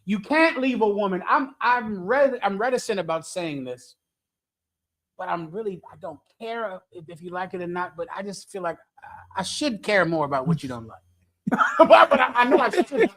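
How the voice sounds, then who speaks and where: Man, brash preacher, crude jokes, lively pitch swings, livestream teaching. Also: normal speed, poor audio. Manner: blunt, crude, joking and laughing.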